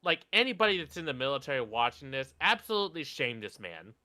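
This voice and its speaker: A man's voice: medium pitch, big pitch swings, quick pace, pushed and bright. A man co-hosting a reaction commentary, ranting indignantly with plenty of swearing. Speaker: co-host.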